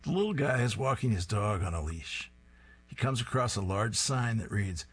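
A man's voice: fairly low pitch, sing-song, normal speed, breathy edge. A man hosting a radio reading service, reading comic strips aloud and chuckling after each punchline.

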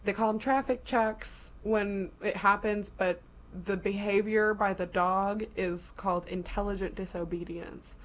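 A woman in a casual podcast chat with a middle-pitched voice. She explains things at length and in detail. Her talk is loose and full of "like" fillers. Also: steady tone, unhurried.

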